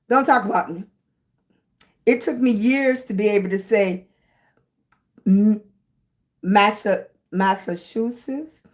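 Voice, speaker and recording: A woman's voice: on the low side, a little mellow. A middle-aged woman hosting a casual live stream, chatting with viewers and greeting them with pet names like baby and sweetie. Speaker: livestream host.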